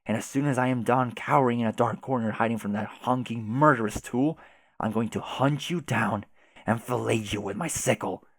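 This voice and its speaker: Brief: a furious, foul-mouthed young troll boy who yells and swears, read out by a man, dry close sound. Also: medium pitch, husky, no room sound, lightly acted. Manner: shouty, insulting, swears constantly. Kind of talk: reading a webcomic chat aloud.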